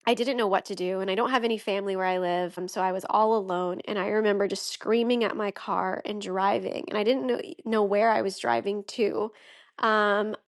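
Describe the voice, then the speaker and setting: A woman's voice: mid-range voice, steady tone, brisk. A young woman, a podcast guest, telling a heartfelt personal story with many "like"s and "um"s. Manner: emotional, heartfelt, frequent "like" and "um".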